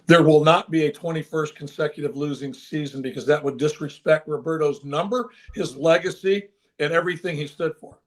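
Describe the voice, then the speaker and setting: A man's voice: fairly high pitch, a little fast, hardly any pauses. Earnest older man telling a story. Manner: earnest, animated, with frequent restarts. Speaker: guest, former baseball manager. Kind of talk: emotional storytelling in an interview.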